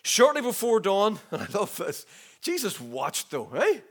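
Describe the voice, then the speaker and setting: A man preaching a sermon, lively, dropping into hushed asides and acting out the story's voices. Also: high-pitched, unhurried. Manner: animated, shifts between loud and hushed asides.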